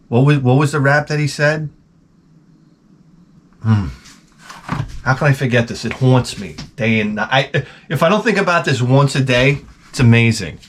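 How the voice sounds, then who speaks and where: A man hosting his channel, telling rambling comic stories full of swearing and muttered asides. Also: medium pitch. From United States. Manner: profane, animated, drops to mutters for asides. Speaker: channel host. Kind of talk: rambling comedic storytelling.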